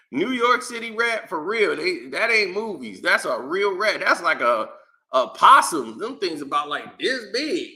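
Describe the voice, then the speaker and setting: A man's voice: sits high, sing-song, slow, sharp tone. A man hosting his own commentary channel, ranting in a casual, exasperated way with slang and frequent laughs. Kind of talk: casual opinion rant.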